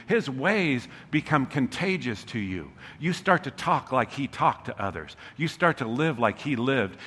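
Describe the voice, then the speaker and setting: A pastor delivers a sermon with a bright, forceful voice. He is humorous and chatty and keeps checking in with listeners. His voice rings out with the long echo of a big church hall. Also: mid-range voice. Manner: humorous, conversational, often checks in with "okay?". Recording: long reverb of a large hall.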